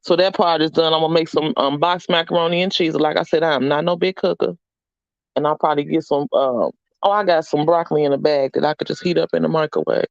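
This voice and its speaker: A woman's voice: low voice, steady tone, fast talker, gravelly, dry recording, lo-fi sound. A middle-aged woman hosting a casual livestream chat, upbeat and encouraging as she reads out names from the chat. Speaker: livestream host.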